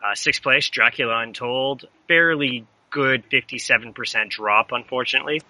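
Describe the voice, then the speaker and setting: Bright-voiced man reading box office numbers. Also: mid-range voice, moderate pace, no room sound, poor audio. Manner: reads figures in a relaxed, offhand way. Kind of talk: casual chat.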